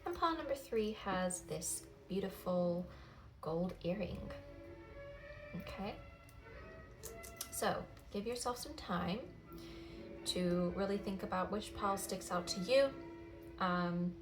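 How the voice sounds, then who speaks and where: Woman, tarot reader, hiccups, unhurried and halting, faint music in background. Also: medium pitch. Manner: hesitant, frequent ums. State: has the hiccups. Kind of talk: casual tarot reading. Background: classical music.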